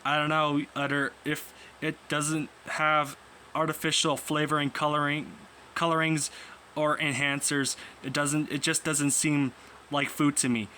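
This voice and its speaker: A young man with a slightly high, bright voice reads a comic aloud in a casual, halting way, tripping over words and restarting lines. He voices all the characters without changing his voice much. A faint hiss of background noise sits under the recording. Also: level tone. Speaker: comic reader.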